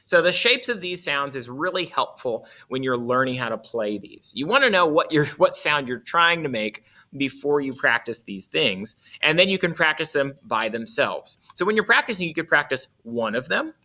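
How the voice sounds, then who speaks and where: A man's voice: fairly high pitch, lively intonation, moderate pace, hardly any pauses, sharp tone. A male music teacher explaining articulation in a casual way, correcting himself as he goes and demonstrating on his instrument.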